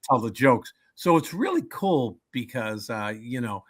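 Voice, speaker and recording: A man's voice: mid-range voice, measured pace. A man in his seventies, a comedian telling jokes and stories in a casual interview, acting out voices as he goes. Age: 70s. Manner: animated joke-telling, acts out voices. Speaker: comedian guest.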